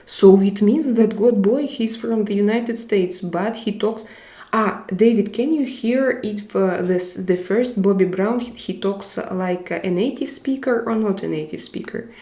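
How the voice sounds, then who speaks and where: Streamer, woman: gravelly, unhurried voice in a roomy echo, reading chat aloud in a halting way. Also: medium pitch, dark tone. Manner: halting, chatty, laughs often. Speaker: livestream host. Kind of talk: casual live chat, reading viewer comments aloud.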